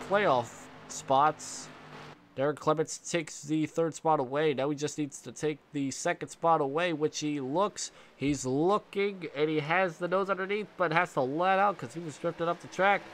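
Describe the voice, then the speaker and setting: Stuffy young guy calling a sim race, kinda high voice, rambly with lots of uhs, faint engine noise in the back. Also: unhurried. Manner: rambling with fillers and restarts, excited bursts at contact. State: stuffy, congested. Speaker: race commentator. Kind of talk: sim racing play-by-play commentary.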